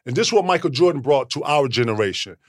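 A man in his forties, a former pro athlete, telling animated, profane stories as a guest in a casual podcast studio chat. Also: medium pitch, fast, no room sound. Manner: animated, profane, swaggering storyteller.

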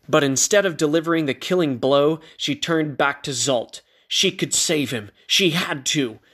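A man reading a fantasy battle story aloud in a measured, dramatic way. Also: mid-range voice, fairly bright tone.

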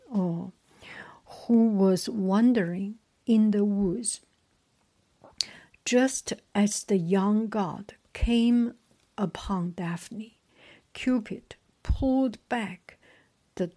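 A woman reading a myth aloud in a soft whisper, breaking off now and then for chatty asides full of slips and restarts. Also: mid-range voice. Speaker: storyteller. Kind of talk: whispered storytelling.

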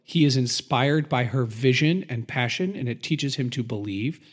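A man co-hosting a podcast, chatting in a relaxed, agreeable way with jokey asides. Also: medium pitch, moderate pace. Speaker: podcast co-host. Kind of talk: casual podcast discussion.

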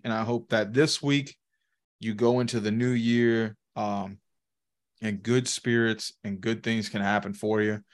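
A man, co-hosting a podcast in casual, profane chat and telling rambling stories with laughs. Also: on the low side. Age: 30s. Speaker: podcast co-host.

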